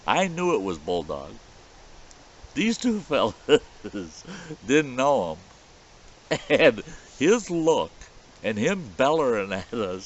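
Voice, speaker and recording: A man's voice: medium pitch, slow, pauses often. A man telling a folksy story outdoors at a campfire in the woods, in a dull lo-fi recording. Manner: folksy, animated yarn-spinning. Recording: dull lo-fi recording with faint hiss.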